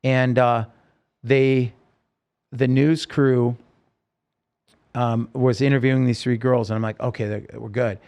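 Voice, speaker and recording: A man's voice: mid-range voice, little pitch movement, a little slow, pauses often, darkish tone, clean tone. A man, a singer-songwriter, telling his own story in a podcast interview, earnest and rambling with many restarts.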